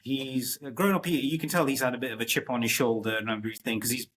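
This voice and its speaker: A man's voice: medium pitch, fairly even intonation, quick pace, fairly bright tone. A man hosting a casual interview, gushing with fan enthusiasm about favorite scenes. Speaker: interview host.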